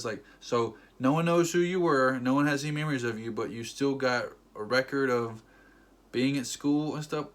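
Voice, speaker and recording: A young man rants casually about a movie he disliked, with a steady mid-range voice. He keeps slipping into quick mimicked quotes as he retells scenes, his tone dry and sarcastic. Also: medium pitch. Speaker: movie reviewer. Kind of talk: casual rant.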